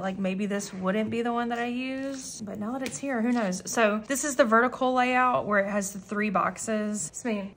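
A woman talking casually in an unboxing vlog at home, gushing and excitable as she chats on. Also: mid-range voice, slight background noise. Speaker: planner vlogger. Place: common room at home, indoors.

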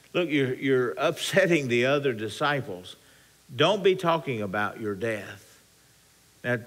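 A man preaching a sermon as pastor, with animated, rising and falling emphasis and frequent restarts. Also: mid-range voice.

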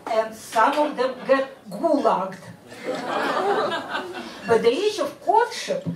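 A woman comic with a Russian accent works through a stand-up set at an unhurried pace, her pitch rising and falling widely. Her delivery is dry and measured. She sounds distant from the mic in an echoey club. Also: a little hiss or hum. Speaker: stand-up comedian. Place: comedy club stage.

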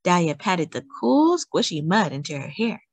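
A woman hosting storytime, reading a children's book aloud with expressive, animated storytelling. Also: lowish voice, normal speed, no echo. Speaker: storytime host.

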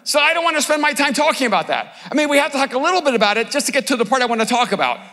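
A middle-aged man preaching from a stage in a large conference hall, his voice notably high and bright. He tells the story with humor and bursts into shouted lines. A long hall reverb trails each phrase. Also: big pitch swings, very fast. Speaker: pastor. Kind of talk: sermon.

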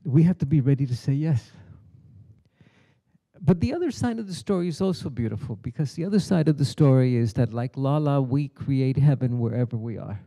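This middle-aged man's voice is medium-pitched, mellow, expressive and brisk. Giving a keynote spiritual talk in a conference hall, he tells a parable as a story and performs the lines of its characters himself.

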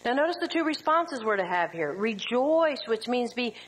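A middle-aged woman teaching a women's Bible study, lively and full of rhetorical questions, sometimes acting out quotes. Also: on the high side, moderate pace, husky, rough recording.

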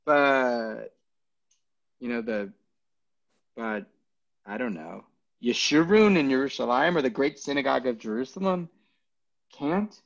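A man's voice: mid-range voice, animated, unhurried, gravelly, long pauses, dull audio. A man, a rabbi, teaching a Talmud class in an informal way, joking and thinking aloud with many fillers.

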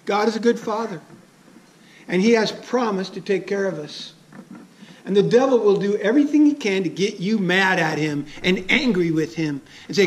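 A man's voice: high voice, expressive, moderate pace. A man preaching a sermon as a pastor, conversational and chuckling, asking his listeners questions.

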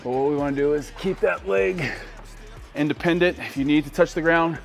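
A man's voice: on the high side, fairly quick, creaky. Guy filming his leg day at the gym, worn out and cracking jokes about himself, faint music in the back. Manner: joking, self-mocking. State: tired, worn out from training. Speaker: fitness vlogger. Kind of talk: casual vlog chat during a workout.

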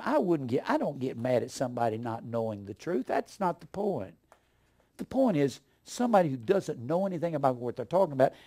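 Gravelly older man preaching fiery scorn. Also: medium pitch. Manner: scornful, ranting, swings from mutters to shouts. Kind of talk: fiery sermon.

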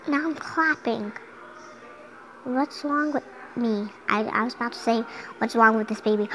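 A young girl gives casual gameplay commentary from a room at home, giggling, chatting and occasionally humming. The voice is a woman's, on the high side, gravelly and a bit bright, unhurried with long pauses, and the audio is poor.

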